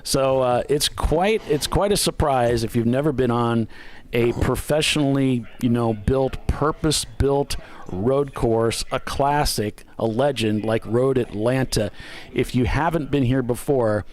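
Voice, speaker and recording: Male race co-commentator, chatty, relaxed, quick to laugh, mid pitch.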